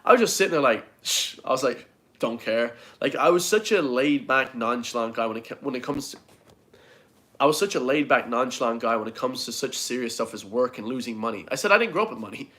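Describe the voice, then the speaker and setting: Quick and a bit bright, this man's medium-pitched voice has lively intonation as he delivers an offhand motivational rant. The fitness vlogger talks to viewers bluntly, swears a lot, and keeps saying "guys" and "bro."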